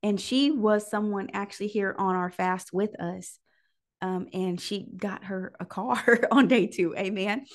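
Lady leading a prayer call, prophetic and emotional, soft whispers then big passionate rises. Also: medium pitch, measured pace. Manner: emotional, breathy whispers between impassioned prophetic declarations.

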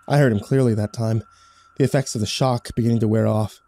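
A man's voice: on the low side, steady tone, fast, dark tone, no room sound. A man narrating a first-person horror story in a dramatic, scripted storytelling style.

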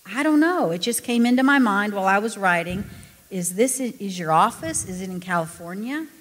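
A woman's voice: medium pitch, lively intonation, moderate pace, long reverb tail, voice pushed up, lightly acted. A woman reading aloud and voicing a desperate, tearful woman calling a stranger, speaking nervously and pleadingly.

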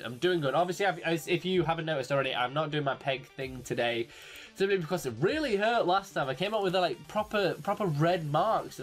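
A young man from England with an English accent, chatting casually and jokily to camera as a YouTuber, rambling and quick to exclaim. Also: on the high side. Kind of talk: casual solo commentary. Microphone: desk microphone.

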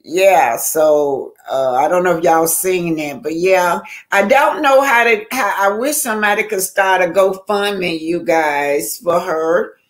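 An older woman hosts a casual YouTube livestream, chatting in a loose, rambling way and greeting viewers by name. Her voice is lowish, slow and has few pauses.

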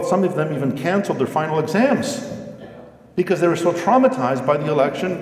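A man's voice: fairly high pitch, darkish tone. A man giving a lecture, telling anecdotes with emphasis and acting out the dialogue. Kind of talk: lecture with storytelling. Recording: echoey hall, reverberant.

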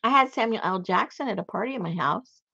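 A woman's voice: medium pitch, fast talker, creaky, breathy edge, no room sound, lo-fi sound. A woman telling a long personal story in casual chat, rambling and laughing as she goes. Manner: rambling, animated, laughs while telling stories. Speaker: crafter and channel host.

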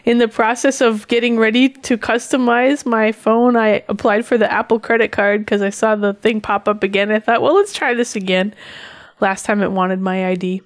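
A woman's voice: on the high side, flat delivery, normal speed, few pauses, no echo. Chatty woman with a dry sound. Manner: chatty, laughs often, rambling. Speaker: podcast co-host. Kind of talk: casual chat.

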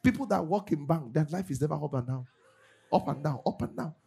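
A man's voice: a little high, animated, fairly quick, gravelly, mellow, breathy edge, faint music behind. A middle-aged man preaching a sermon as pastor, acting out congregants' voices and laughing often.

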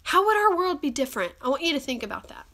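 Bright-voiced woman with a cold. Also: high voice, very animated, quick pace. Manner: warm, earnest, chatty with fillers. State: has a cold. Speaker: host of a live stream. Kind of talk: encouraging live-stream talk. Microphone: phone or webcam live stream.

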